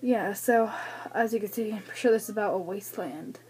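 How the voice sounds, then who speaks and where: A woman's voice: mid-range voice, fairly quick, darkish tone. A young woman from the United States rambling through a book haul vlog, chatty and self-deprecating, a little out of breath, recorded on a camera's built-in mic. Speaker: book vlogger.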